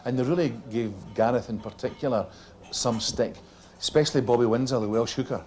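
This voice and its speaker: A man's voice: medium pitch, fairly quick, a little mellow. A middle-aged man with a Scottish accent telling a comic story from a rugby tour, acting out the other voices as he goes. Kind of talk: comic after-dinner storytelling.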